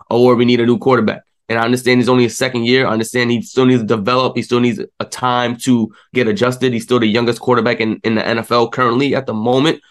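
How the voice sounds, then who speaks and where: A young man co-hosts a casual sports talk show. He rants with frustration, full of fillers and rising heat. His voice sits at an ordinary middle pitch. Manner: frustrated, animated rant with many fillers. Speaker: sports podcast co-host.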